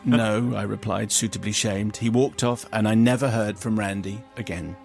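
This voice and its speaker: A man's voice: fairly low pitch, fairly even intonation, normal speed, vocal fry, soft background music. A male radio host in a studio, reading a listener's confession aloud with wry storytelling.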